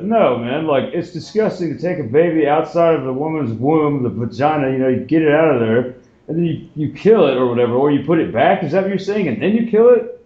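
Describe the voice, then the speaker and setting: A man hosting a podcast, talking in an animated, indignant way and acting out the voices he quotes. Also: on the high side, brisk. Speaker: podcast host. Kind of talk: heated casual conversation. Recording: echoey room, dull lo-fi sound.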